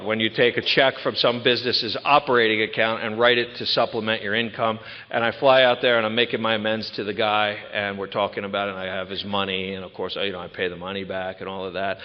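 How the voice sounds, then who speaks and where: A middle-aged man tells his recovery story to a retreat audience, lively and full of quick asides. His voice carries a long reverb from a large hall, and the recording sounds dull and lo-fi. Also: on the low side. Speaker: recovery speaker. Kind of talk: personal recovery talk at a retreat.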